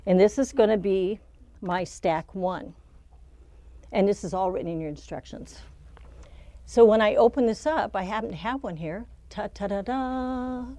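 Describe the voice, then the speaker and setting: A middle-aged woman leads a relaxed quilting demonstration with an even, mid-range voice. She talks through each cut and seam in a chatty way. When a step goes wrong she laughs it off. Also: medium pitch, normal speed, pauses often. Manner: chatty, laughs at her own slips. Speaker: quilting instructor. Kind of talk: casual hands-on demonstration.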